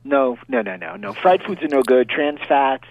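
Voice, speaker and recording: A man's voice: on the high side, lively intonation, creaky, a crowd in the background. A man with a New York accent, a chiropractor guest answering questions on a radio show in a confident, emphatic way. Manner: emphatic, confident, quick with punchy health rules. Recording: tinny dry phone line.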